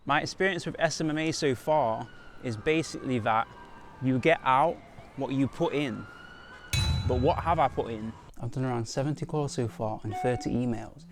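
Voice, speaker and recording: Earnest young man, gravelly vlog voice-over. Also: mid-range voice, moderate pace, slight background noise. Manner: earnest, self-critical. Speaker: aspiring marketing agency owner. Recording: music bed under voice.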